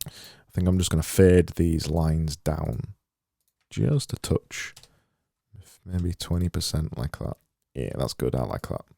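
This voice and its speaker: A man's voice: very deep voice, animated, slow pace, vocal fry, pauses often, mellow. A man thinking aloud as he livestreams design work, rambling and muttering to himself with a self-mocking edge.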